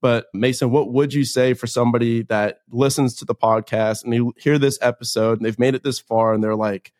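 A man hosting a podcast, chatting with a guest in a loose, excited way and tossing in casual slang. His voice sits at an ordinary pitch. The sound is dry and close, with no room behind it. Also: a little fast, dry recording. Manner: enthusiastic, slangy, says "dude" a lot. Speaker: podcast host.

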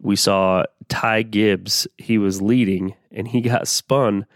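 A middle-aged man hosts a solo podcast in an unhurried, laid-back drawl, his voice a bit raspy from allergies. His pitch sits low, and the sound is dry and close. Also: steady tone, dry recording. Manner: laid-back, conversational, frequent fillers. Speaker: podcast host. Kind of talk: casual solo podcast commentary.

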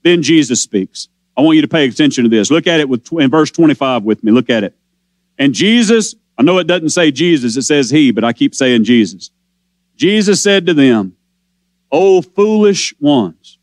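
A man preaching a sermon, explaining scripture with rising passion and drawn-out quotes. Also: mid-range voice, expressive, no echo. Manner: impassioned preaching, slows and swells on scripture quotes.

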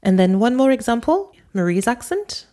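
A French woman from Paris with a Parisian accent, hosting a podcast lesson and explaining clearly, switching into French to demonstrate phrases. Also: a little high, big pitch swings, normal speed, warm tone. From Paris, France. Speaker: podcast host and French teacher.

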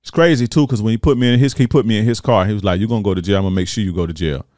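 Guy w/ aave telling a wild story on his podcast, lowish voice, cussing, dry close mic. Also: racing, no room sound. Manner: animated, profane storytelling with acted-out quotes. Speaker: podcast host. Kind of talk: casual storytelling.

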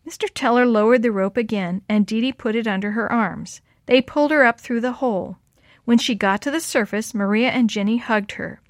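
A woman narrating a children's story aloud in a clear, steady way. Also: a little high, a little fast, dry recording, clean studio sound.

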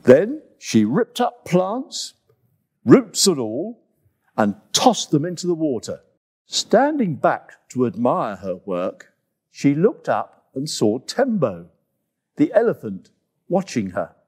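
A man reading a children's story aloud in an expressive, unhurried way as the host of a summer story time. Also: mid-range voice, husky.

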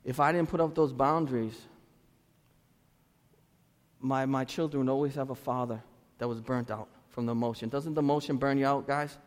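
A man preaching a sermon as pastor, earnest and conversational, moving between loud exhortation and quiet, confessional talk. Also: medium pitch, fairly even intonation, normal speed, long reverb tail. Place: church sanctuary.

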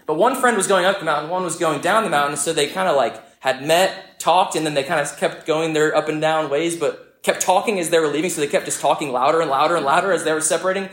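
A young man preaching a sermon, telling a story in a lively, conversational way. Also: on the high side, quick pace, few pauses. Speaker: pastor. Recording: echoey church room.

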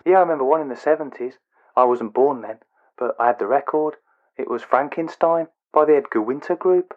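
A man's voice: medium pitch, brisk. A man chatting casually as a podcast guest, matter-of-fact and a little hesitant. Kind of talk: casual chat. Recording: dull lo-fi sound.

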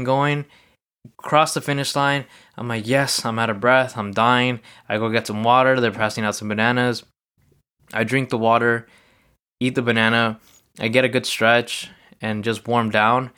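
A man's voice: medium pitch, bright, forceful tone, smooth. A man hosting a podcast, telling a loose, rambling personal story in a casual solo monologue, full of fillers. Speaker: podcast host.

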